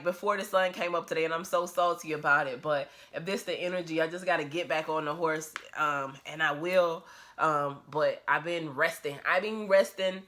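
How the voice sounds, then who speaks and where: A woman's voice: deep voice, pushed and bright. A woman talking to her phone camera at home in a casual vlog, blunt, profane and emphatic, laughing often. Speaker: vlogger.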